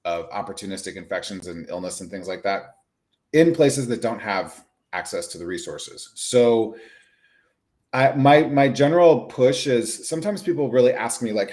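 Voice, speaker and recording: A man's voice: medium pitch, expressive, moderate pace, darkish tone. A man in his thirties, a nurse practitioner talking casually and animatedly on a livestream with lots of fillers.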